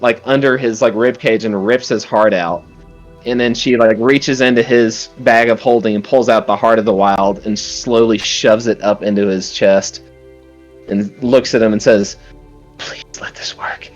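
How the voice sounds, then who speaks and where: A man's voice: mid-range voice, fairly even intonation, a little slow, faint music behind. A man narrating as dungeon master in a casual storytelling manner, full of fillers. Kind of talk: narrating a tabletop game.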